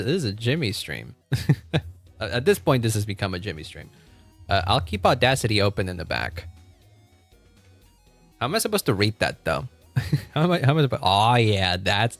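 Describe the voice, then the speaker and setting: A man's voice: on the low side, big pitch swings, a little fast, pauses often, faint music behind. A man streaming and chatting casually, laughing often and restarting his sentences.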